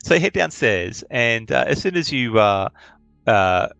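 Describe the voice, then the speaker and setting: A male game master narrates the scene, his pitch rising and falling freely as he speaks. He often hesitates and fills the gaps with fillers. The sound is dry and close. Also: very animated, gravelly, a bit bright, smooth, no room sound, faint music behind. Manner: halting, full of fillers.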